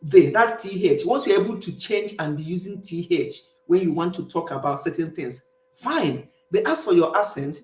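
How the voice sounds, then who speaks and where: A woman's voice: fairly low pitch, echoey room. A middle-aged Nigerian woman with an Igbo accent, casually chatting and reading comments for her livestream viewers. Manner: chatty, emphatic, laughs often. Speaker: livestream host. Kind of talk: casual chat with live viewers. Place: home in the UK.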